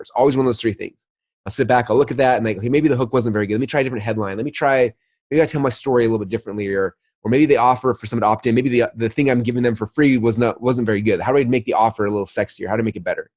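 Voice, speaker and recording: Guy talking super fast on a podcast, acts out little convos, mid-pitched voice. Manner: rapid, animated storytelling with acted-out dialogue. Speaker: guest, marketing entrepreneur. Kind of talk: casual podcast chat.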